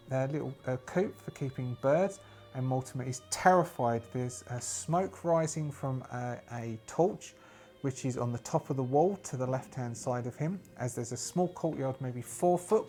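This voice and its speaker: A man's voice: medium pitch, a little mellow. A man improvising a solo tabletop role-play game, thinking aloud with hesitations and restarts.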